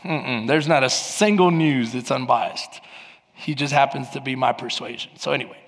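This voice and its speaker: A male pastor delivering an animated sermon, moving from quiet prayerful tones to fervent, near-shouted preaching. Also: mid-range voice, normal speed. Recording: long hall reverb.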